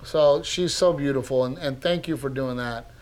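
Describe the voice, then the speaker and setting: A middle-aged man, a comedian and podcast host, telling a story in casual chat, animated and swearing freely. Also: mid-range voice, normal speed. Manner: animated, swears freely, laughs through acted quotes.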